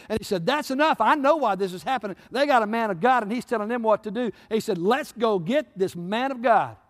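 A man preaching a sermon as pastor, swinging between loud peaks and hushed low passages, retelling scripture stories. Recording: long hall reverb.

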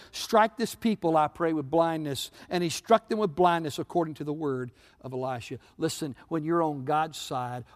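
This man is preaching as a pastor, recounting scripture stories and alternating between booming peaks and soft, hushed moments. The audio has the long reverb of a large hall.

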